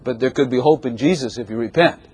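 Preacher doing Jesus: gentle, patient, kindly correcting, husky. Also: male voice, mid-range voice, quick pace, voice pushed down, close to an everyday voice. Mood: gently correcting.

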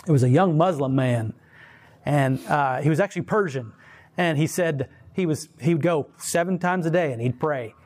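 A man's voice: a little high, moderate pace. A man hosting a casual chat, telling stories in an emphatic, rambling way. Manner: emphatic, rambling, animated storyteller.

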